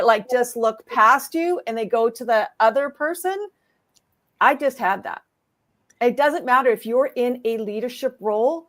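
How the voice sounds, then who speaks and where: A woman speaking earnestly on a virtual panel, telling a story with emphatic conviction. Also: a little high. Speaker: summit speaker. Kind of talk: panel discussion. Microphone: video call.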